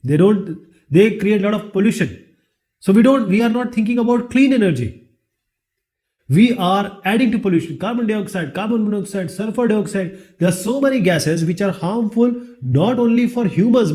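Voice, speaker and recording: A man's voice: high voice, a little mellow. A man with an Indian English accent teaching a lesson, asking rhetorical questions and then answering them himself. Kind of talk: classroom lecture.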